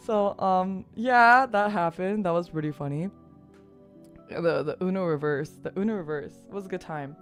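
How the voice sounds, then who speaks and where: Animated woman streamer telling a story. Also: on the low side, unhurried, soft background music. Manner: animated, laughs often, many fillers and "like". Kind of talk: casual chat storytelling.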